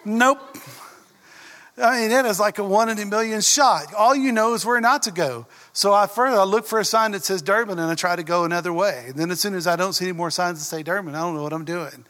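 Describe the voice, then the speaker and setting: A man's voice: high voice, a little fast, bright, forceful tone. A middle-aged man with a Southern US drawl preaching a sermon in a church, earnest, often asking the congregation questions. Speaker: pastor. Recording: echoey church hall.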